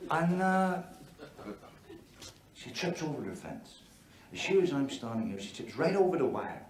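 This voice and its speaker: Pitched on the high side with big swings and a slightly slow pace, this actor's voice portrays a brash, crude male comedian from Belfast doing stand-up in a TV drama. Using a Belfast accent, he delivers bawdy jokes on stage to a laughing audience in an echoey club hall.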